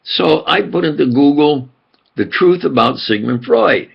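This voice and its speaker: Slow gravelly older New York man. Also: fairly high pitch, lively intonation, highs cut off. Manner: slow and halting, with many fillers and restarts. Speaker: channel host. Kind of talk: rambling monologue.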